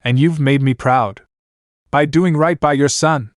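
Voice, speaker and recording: A man's voice: a little high, a little slow, no room sound, studio quality, close to an everyday voice. A man voicing a stern older male noble lord who speaks bluntly and commandingly.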